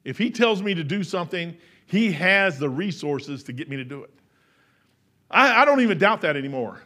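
A man in his fifties preaching with a high voice. He tells folksy stories and acts out both sides of a conversation. His delivery swings between loud emphatic bursts and quiet, low asides. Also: very animated, moderate pace. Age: 50s. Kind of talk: sermon.

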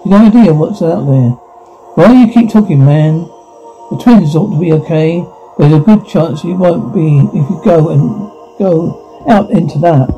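High, gravelly man reading a drama aloud. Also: measured pace. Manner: flat, stumbling read with restarts. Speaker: reader voicing a whole drama. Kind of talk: reading a drama script aloud, sound cues included. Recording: dull lo-fi recording with faint music.

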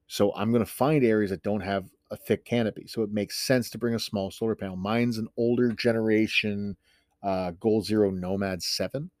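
Podcast host, male, lowish voice, dry close sound, rambling and self-mocking. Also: darkish tone, no echo. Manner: chatty, ranting, self-deprecating. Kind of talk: casual solo podcast talk.

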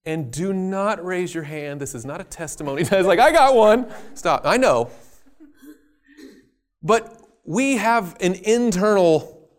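A man preaching a sermon, telling a story with lively jokey asides. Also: a little high.

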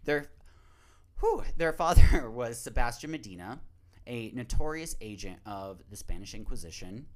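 A man's voice: mid-range voice, expressive, normal speed. A man casually reading a movie synopsis aloud as a podcast host, swearing, rambling off on tangents and laughing between lines.

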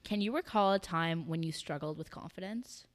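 A teenage girl hosting a podcast in casual chat, giving supportive, quick reactions. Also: on the low side. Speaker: podcast host.

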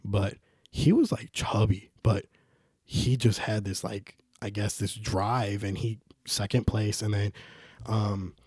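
Podcast host, young man, low mellow voice, rambling casual monologue, dry close recording. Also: slow pace, husky, no room sound. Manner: rambling, animated when quoting others.

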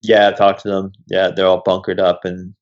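A young man, a podcast guest, telling animated travel stories in casual chat and swearing freely. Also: low-pitched, normal speed. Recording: dull lo-fi recording.

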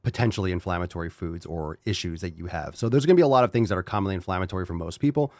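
A man's voice: low voice, racing, no echo, studio quality. A man hosting a podcast, ranting and swearing in a worked-up, comic way. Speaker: podcast host. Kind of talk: ranting comedic podcast talk.

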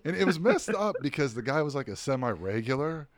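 A man's voice: mid-range voice, sing-song, a little fast, a little hiss or hum. A man co-hosting a podcast, chatting casually and telling old work stories with lots of fillers and frequent laughter. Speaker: podcast co-host. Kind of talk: casual chat.

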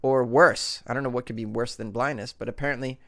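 A man from Massachusetts hosting a radio talk show, riffing on odd news stories in a wry, joking, animated way. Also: mid-range voice, brisk.

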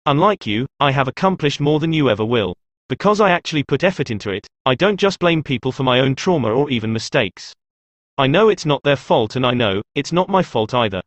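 A man's voice: medium pitch, lively intonation, brisk, no echo, lightly acted. A man playing a traumatized adult man who confronts his abusive mother with intense emotion. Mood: defiant.

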